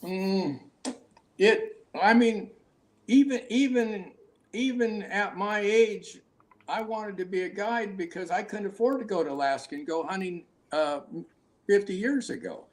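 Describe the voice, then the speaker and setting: An older man spinning a rambling hunting yarn, his voice sitting high. He restarts sentences often and laughs at his own stories. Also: a little slow. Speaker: hunting guide, guest. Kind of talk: casual storytelling interview.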